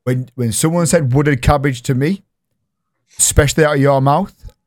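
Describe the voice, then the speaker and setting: A man's voice: mid-range voice, moderate pace. Chatty Yorkshire man hosting. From Yorkshire, England. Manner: chatty, laughs often, reads out shout-outs. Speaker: podcast host. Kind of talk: casual chat on a live-streamed podcast.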